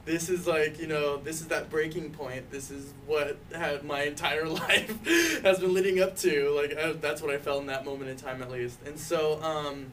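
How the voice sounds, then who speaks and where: Young man, fairly high voice, telling a personal story, loose and chatty with lots of "like", faint room noise. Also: moderate pace, hardly any pauses, fairly bright tone. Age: young adult. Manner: casual, full of "like" and "you know", laughs often. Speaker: youth activist intern. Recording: distant mic, faint background noise.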